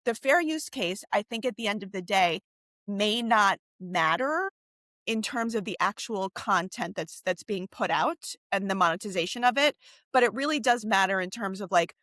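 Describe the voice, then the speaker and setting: A woman's voice: mid-range voice, animated, normal speed, fairly bright tone, no echo. A woman co-hosting a podcast in a loose, chatty way, with lots of fillers and restarts. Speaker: podcast co-host. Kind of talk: casual podcast discussion.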